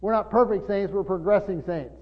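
Heard through dull, lo-fi audio with long church reverb, an older pastor preaches fairly quickly in a high-sitting voice. His teaching is earnest, peppered with restarts and repeated words.

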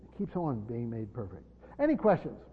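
A man teaching a Bible study to a group, stressing key words loudly and then dropping to quiet asides. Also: mid-range voice, huge pitch swings, moderate pace, slightly rough. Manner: emphatic, swinging between loud stresses and quiet asides. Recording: dull lo-fi sound in a large echoing hall.

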